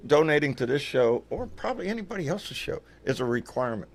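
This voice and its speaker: A man's voice: a little high, very animated, quick pace, hardly any pauses. An older man hosting a casual livestream chat, rambling and folksy, swearing casually. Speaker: show host.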